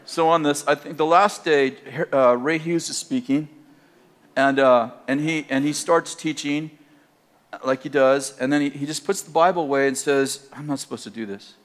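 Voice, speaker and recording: An older man from Northern California, preaching by telling a personal story in a conversational, animated way and laughing at his own tale. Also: fairly high pitch, normal speed. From Northern California, USA.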